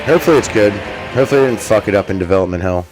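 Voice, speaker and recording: A man's voice: on the low side, animated, racing, over music. A man hosting a stream, talking in a rambling, offhand way and swearing casually. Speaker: streamer host. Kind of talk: casual gameplay commentary.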